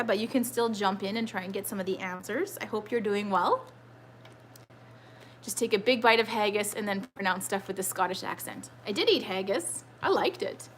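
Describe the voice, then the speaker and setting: Woman, thirties, trivia live-stream host at home: bright, talkative, easygoing rambler who reads the chat aloud. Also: medium pitch, a little hiss or hum. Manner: chatty, rambling, reads viewer comments aloud. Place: home with children nearby.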